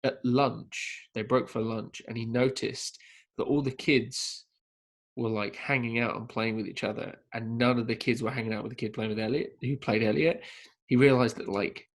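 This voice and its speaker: Man telling an animated story. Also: medium pitch, moderate pace. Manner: lively storyteller who acts out quotes. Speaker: podcast co-host. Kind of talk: casual podcast chat about films.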